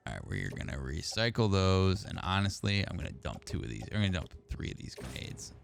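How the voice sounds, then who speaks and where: A man's voice: low-pitched, sing-song, a little fast, gravelly, over music. A man from Indiana, a therapist streaming a game, chatting casually and answering his chat as messages come in. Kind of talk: casual livestream chat while gaming.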